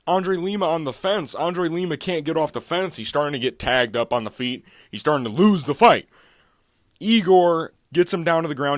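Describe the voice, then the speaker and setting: Excitable, swearing man recapping fights. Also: medium pitch, no echo, clean studio sound. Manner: excitable and profane, laughing often. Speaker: MMA fight recap YouTuber. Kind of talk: casual fight recap commentary.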